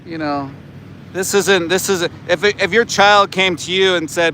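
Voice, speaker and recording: A man's voice: high voice, unhurried, pushed and bright, a little hiss or hum. A middle-aged man doing livestream commentary outdoors, blunt, profane and indignant. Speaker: animal rights activist, livestreamer. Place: outdoors by a roadside.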